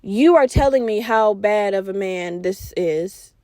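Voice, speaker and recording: A young woman hosting a podcast, telling a personal story in a candid, profane, animated way, quoting herself and her friend. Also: medium pitch, unhurried, no room sound, clean studio sound. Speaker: podcast host. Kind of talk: casual storytelling monologue.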